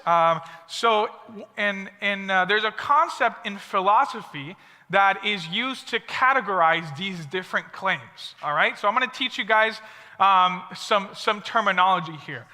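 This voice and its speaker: A young man with a high, pushed, bright voice tells stories in an upbeat, chatty sermon for a youth service, full of asides. The long reverb of a big hall surrounds him.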